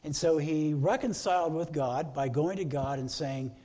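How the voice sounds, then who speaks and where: A man's voice: on the high side, normal speed, dark tone. A middle-aged man preaching a sermon as pastor, earnest, stacking repeated phrases into lists.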